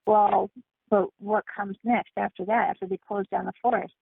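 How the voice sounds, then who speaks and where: A woman guest on a call-in talk show, telling her story in an animated, emphatic way over the phone. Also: mid-range voice, moderate pace, creaky, husky, dry recording. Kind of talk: casual phone interview. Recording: tinny phone line.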